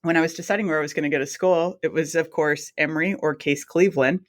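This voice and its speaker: A woman's voice: low voice, quick pace. Chatty woman telling her story. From South Mississippi. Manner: chatty, animated, acts out her own quoted reactions. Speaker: guest, anesthesiologist assistant. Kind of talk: casual storytelling interview.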